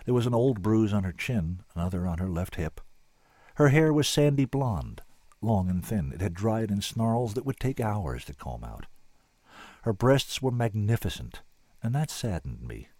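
A man's voice: lowish voice, sing-song, normal speed, darkish tone, no echo. A man giving dry, wry first-person scripted narration as an audiobook narrator.

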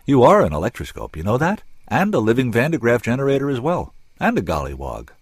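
A man's voice: mid-range voice, wildly swooping pitch, fast, breathy edge, no room sound, studio quality, pitched above the performer's own voice. A man voicing a cheerful, bossy male scientist in a spoken story, with a clipped, snappy delivery. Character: brisk, jovial male scientist.

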